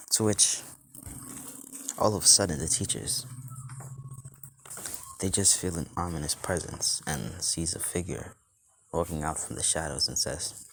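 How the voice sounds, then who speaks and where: A man's voice: low-pitched, measured pace, a bit bright, slight background noise. A man casually narrating a fan-made story in a rambling, loose way full of fillers.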